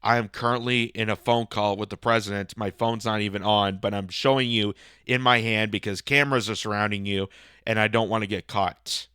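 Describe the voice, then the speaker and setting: A man putting on a hushed, smug politician voice. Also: lowish voice, steady tone, fairly quick, clear, resonant tone, no room sound, clean studio sound, voice pushed down. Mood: mocking. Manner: soft, mock-soothing radio-announcer tone.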